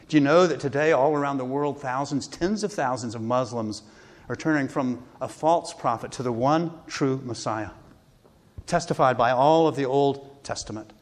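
A man preaching a sermon, earnest and steady, quoting scripture with rising emphasis. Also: medium pitch, normal speed. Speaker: pastor. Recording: long hall reverb.

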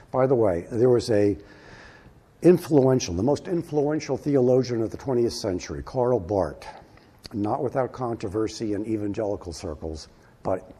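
A man preaching a sermon to his congregation, with emphatic, swelling delivery and slow, stressed phrases. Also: on the low side, dark tone, slightly rough. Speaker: pastor.

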